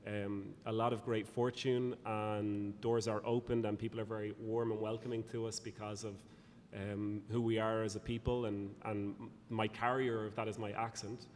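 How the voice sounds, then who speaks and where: A man with an Irish accent talks in measured, lilting sentences as an interview guest. His voice carries a long reverb tail from the room. A faint noise floor sits under him. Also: fairly low pitch, level tone, darkish tone. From Ireland. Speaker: guest speaker. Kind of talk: conversational podcast interview.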